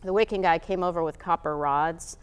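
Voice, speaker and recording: A middle-aged woman from the United States, a guest telling a story in a casual interview, animated and acting out the quotes. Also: fairly low pitch, normal speed, smooth, in a large hall. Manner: lively, animated storyteller who acts out quotes.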